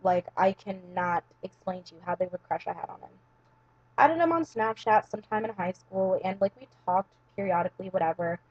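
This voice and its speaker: Young woman vlogging, husky kinda breathy voice, rambly with lots of likes and ums, dry muffled audio. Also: mid-range voice, a little fast, darkish tone, dry recording. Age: young adult. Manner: rambling, heavy use of "like" and "um". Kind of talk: casual storytelling to camera.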